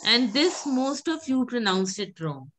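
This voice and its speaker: A woman, teaching a French pronunciation class, patiently repeating words and gently correcting her students. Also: on the high side, big pitch swings, a little slow, slight background noise.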